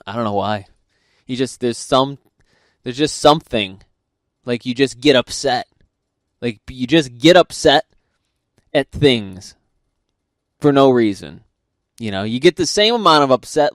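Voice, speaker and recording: A man telling a casual story in a profane, laughing, animated way. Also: mid-range voice, dry recording, clean studio sound. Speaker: host.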